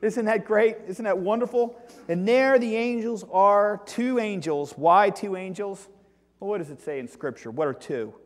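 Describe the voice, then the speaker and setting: A man preaching a sermon as pastor, emphatic, swinging between loud exclamations and hushed asides. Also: sits high, normal speed. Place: church sanctuary. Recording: long reverb of a church hall.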